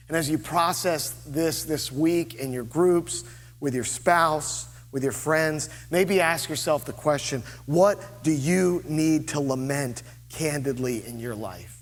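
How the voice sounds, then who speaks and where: A man preaching a sermon as lead pastor, earnest and deliberate, with dramatic pauses. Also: on the high side, in a large hall. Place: church sanctuary.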